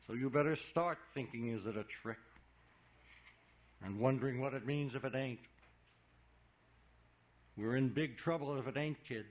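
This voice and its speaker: A man's voice: mid-range voice, moderate pace, pauses often, pitched above the performer's own voice, lightly acted. A man reading an audiobook, voicing a big, blustering small-town man who scolds a boy in folksy, ungrammatical talk. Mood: hectoring. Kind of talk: audiobook character voice. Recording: dull lo-fi recording.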